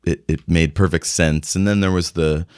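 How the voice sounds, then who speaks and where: A man's voice: deep voice, fairly even intonation, normal speed, clear, resonant tone, no echo, clean studio sound. A man narrating as game master in a tabletop game, rambling and casual. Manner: rambling, casual, many fillers and restarts.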